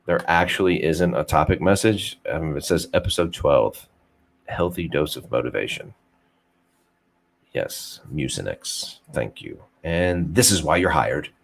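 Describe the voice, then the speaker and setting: Casual podcast host, young man with a low voice, loose and rambling, profane, self-mocking humor. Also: animated, unhurried, creaky. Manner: swears freely, rambling, self-deprecating. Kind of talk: casual unfiltered chat.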